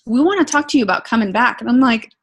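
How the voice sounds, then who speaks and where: A woman's voice: a little high, fast talker, breathy edge. Earnest woman telling her testimony. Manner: emotional, earnest, animated storytelling. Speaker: product testimonial speaker. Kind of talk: personal testimony.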